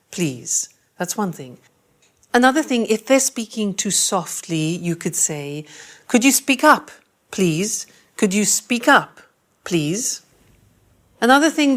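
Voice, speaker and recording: Brief: woman language teacher, unhurried delivery, models and repeats phrases clearly for students. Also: mid-range voice. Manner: slow, deliberate, repeats phrases for learners. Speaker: English teacher. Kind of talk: language lesson presentation.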